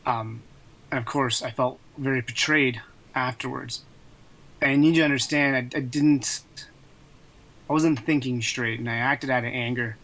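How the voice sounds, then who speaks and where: A man's voice: mid-range voice, steady tone, a bit bright, poor audio. Earnest man voicing his character. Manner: earnest, deliberate. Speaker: player. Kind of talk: in-character confession at a tabletop game.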